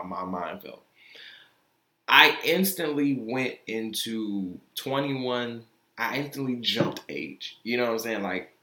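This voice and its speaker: A man's voice: mid-range voice, pushed and bright. A young man telling a personal story in a loose, candid, profane way, acting out the quoted lines. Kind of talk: casual storytelling. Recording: echoey room.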